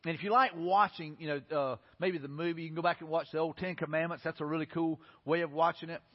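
Husky-voiced man preaching a sermon. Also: on the high side, steady tone, fast, big-room sound, lo-fi sound. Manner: earnest, rising to impassioned pleading. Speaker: pastor.

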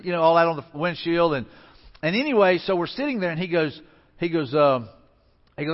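A man's voice: on the high side, fast talker, in a large hall, muffled recording. A man pastor delivering a conversational sermon, telling stories with frequent restarts. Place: church sanctuary.

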